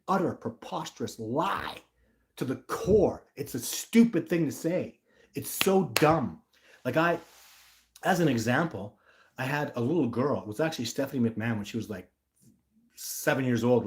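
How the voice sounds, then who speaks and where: A man from Canada hosting a livestream, chatting through viewer comments in a talkative, blunt and emphatic way. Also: mid-range voice. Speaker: livestream host. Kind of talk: live-stream chat answering viewer comments.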